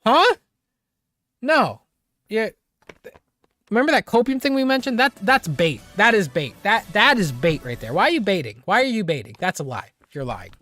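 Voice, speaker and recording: A live streamer chats casually with viewers, excitable and laughing often as they tease the chat. The voice is medium-pitched at a moderate pace, and the recording is dry.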